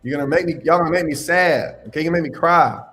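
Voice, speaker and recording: A man's voice: fairly high pitch, fast, a bit bright, faint music behind. Blunt, emphatic man giving advice. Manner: blunt, emphatic, scolding advice with southern US slang like y'all. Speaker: host answering live questions on insurance adjusting. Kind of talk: live stream Q&A.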